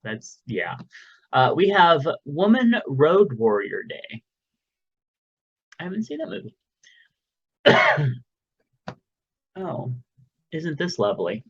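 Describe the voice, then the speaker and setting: A man's voice: on the high side, big pitch swings, takes it slowly, long pauses, husky, muffled recording. A man co-hosting a podcast in casual, rambling chat, joking and trailing off with fillers, recorded at home. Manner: rambling, jokey, lots of fillers. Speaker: podcast co-host. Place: home recording room, window open.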